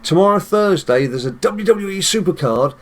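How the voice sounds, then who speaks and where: A man's voice: high-pitched, expressive, moderate pace. A British man hosting casual gameplay commentary, chatty and addressing viewers directly, chuckling often. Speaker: gaming channel host.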